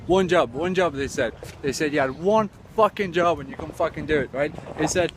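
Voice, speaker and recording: A man's voice: a little high, a little fast, hardly any pauses. Sweary rambling man, traffic behind. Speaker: comedy vlogger. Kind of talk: absurd comic rant to camera. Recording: clear traffic noise outdoors.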